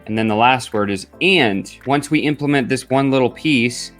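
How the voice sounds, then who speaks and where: A man hosting an upbeat sales coaching vlog, talking in an energetic, chatty way with frequent fillers. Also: medium pitch, moderate pace, few pauses, faint music behind.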